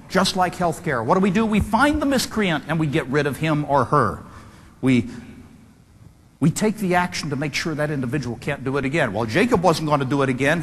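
A man's voice: on the high side, a bit bright, slightly rough. A man giving a dramatic storytelling lecture to an audience, vividly acting out the voices he quotes. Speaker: speaker. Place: large hall before an audience. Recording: long hall reverb, faint room noise.

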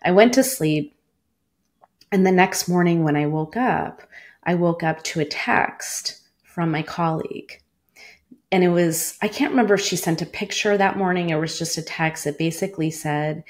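A woman's voice: lowish voice, moderate pace. A woman in her forties, a former cancer doctor, earnestly telling a personal story in an interview, with many "like" fillers.

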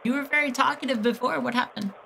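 A woman streamer mockingly taunting a scammer on a call, shifting between high teasing and low menacing tones. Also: fast talker, gravelly, background noise. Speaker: scam baiter streamer.

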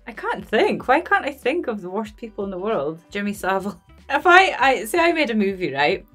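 A woman's voice: medium pitch, very animated, brisk, a bit bright, faint music behind. A young woman from Scotland hosting a movie reaction video, chatting casually and rambling while she keeps breaking into giggles. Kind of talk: casual post-movie chat.

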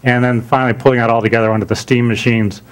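A man's voice: medium pitch, very fast. Man giving a conference talk. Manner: relaxed, with frequent "uh" fillers and restarts. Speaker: conference speaker. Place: conference room.

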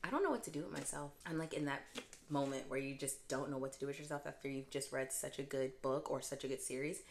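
A young woman with a low-pitched voice chats casually to her viewers as a book vlogger. She gushes and swings her pitch and volume dramatically when excited. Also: fast, slight background noise. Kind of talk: casual chat.

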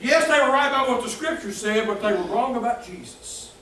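A pastor preaching a sermon, folksy and emphatic, breaking into shouts. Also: male voice, very high voice, expressive, a little fast. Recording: echoey church from a distance, faint hiss.

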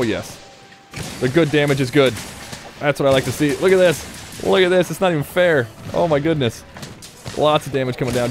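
A man talks his way through a game session in a loose, chatty commentary, swearing freely and scolding the monster he fights. His voice sits mid-range but swings widely in pitch. Faint game music plays underneath. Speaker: let's play gamer. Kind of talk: casual gameplay commentary.

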